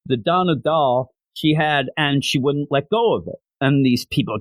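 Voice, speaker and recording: A man hosting a comic book podcast, recapping a story in a casual, animated and openly sentimental way. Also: on the high side, moderate pace, hardly any pauses, no echo.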